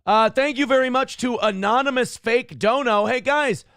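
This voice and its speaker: A man's voice: extremely high pitch, normal speed, a bit bright, clean tone, no echo, clean studio sound. A man hosting a live-streamed talk show who reads out donations in a rambling, profane, self-deprecating way. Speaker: show host.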